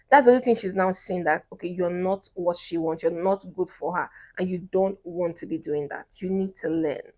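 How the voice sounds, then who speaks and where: A woman's voice: mid-range voice, a little fast, hardly any pauses. A young Nigerian woman with a Nigerian accent, talking straight to camera as a relationship coach, emphatic and repetitive, often breaking into a personal story. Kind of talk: direct-to-camera advice talk.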